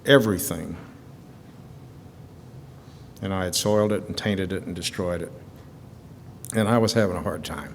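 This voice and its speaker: A middle-aged man from Georgia giving an earnest, halting personal testimony at a recovery retreat, repeating words when moved. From Stockbridge, Georgia, USA. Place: retreat hall. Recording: archival hall recording with long reverb and faint rumble.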